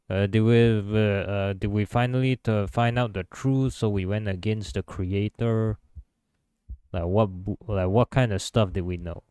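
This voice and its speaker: Excitable man commenting on a game. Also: on the low side, clear, resonant tone, no room sound, studio quality. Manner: excitable, joking. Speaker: gaming video creator. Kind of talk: casual gameplay commentary.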